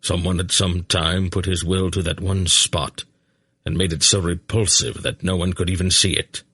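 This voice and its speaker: Man reading aged male sorcerer, gruff, proud, low voice, dry sound. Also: fairly even intonation, normal speed, pushed and bright, no echo, exaggerated voice. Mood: explaining. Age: older.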